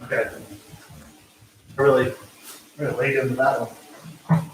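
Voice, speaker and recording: A man's voice: mid-range voice, level tone, unhurried, a little hiss or hum. A man hosting a live cooking show from his home kitchen, chatting casually in a rambling, self-mocking way. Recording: echoey room, mic far off.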